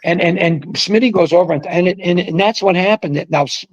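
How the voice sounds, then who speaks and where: An older man, a guest who was a pro bowler, telling a profane, animated story in casual conversation. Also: high-pitched, a little fast, muffled recording.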